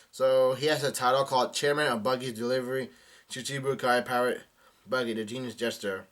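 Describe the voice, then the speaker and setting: A man's voice: mid-range voice, steady tone, fairly quick, fairly bright tone. A young man doing a casual live reaction to a manga chapter, reading the dialogue aloud with many fillers and restarts.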